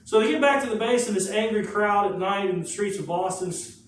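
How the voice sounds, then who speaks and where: Male history teacher, animated storyteller, a bit high-voiced, heard from across an echoey classroom. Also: fairly quick. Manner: lively storytelling with rhetorical questions and asides. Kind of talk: classroom lecture. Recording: very echoey room, mic far off.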